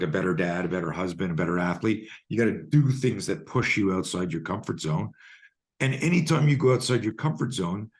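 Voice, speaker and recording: A man being interviewed, telling a vivid story with coarse language and acting out both sides of a conversation. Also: lowish voice. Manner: profane, animated storyteller acting out dialogue. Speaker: guest, fear coach.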